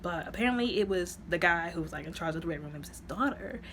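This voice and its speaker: Lower-voiced woman yapping through a movie recap, rambly, whispers the sad bits, faint hum behind. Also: animated, fast. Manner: chatty and rambling, acts out quotes with dramatic whispers. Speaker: movie reviewer. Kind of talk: casual spoken movie recap.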